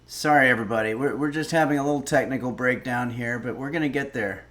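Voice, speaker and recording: A man's voice: mid-range voice, fast, fairly bright tone. A man hosting a casual cooking livestream, rambling and wry, swearing when irritated. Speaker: cooking stream host.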